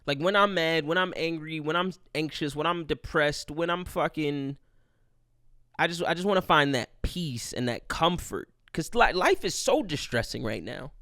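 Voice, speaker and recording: This young solo podcast host has a slightly high, pushed and bright voice with lively intonation at a moderate pace. He rambles profanely in a casual way, often poking fun at himself. The studio sound is clean, with no echo.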